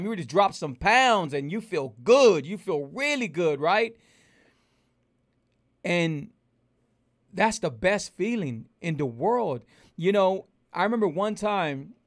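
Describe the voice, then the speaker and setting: A man speaking as a health coach, giving an emphatic, repetitive motivational talk to his viewers. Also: a little high. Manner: emphatic, repetitive, preacher-like delivery.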